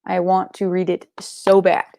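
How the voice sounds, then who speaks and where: Creaky-voiced young woman chatting casually. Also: lowish voice, completely flat delivery, unhurried, mellow, no room sound, clean studio sound. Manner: chatty, swears casually, many filler likes and ums. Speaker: book club live show host. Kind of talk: casual livestream chat reading comments.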